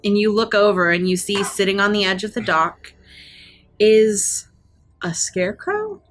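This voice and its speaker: A woman narrating as game master in a tabletop game, describing scenes at a deliberate, storytelling pace. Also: mid-range voice, lively intonation, faint music behind.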